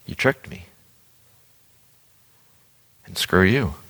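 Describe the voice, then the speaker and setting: A man's voice: low-pitched, sing-song, very slow, creaky, fairly bright tone, breathy edge, full character voice. A pastor doing his grudging, wary buddy. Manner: grudging and defensive. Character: reluctant wary male friend, grown man. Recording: long hall reverb.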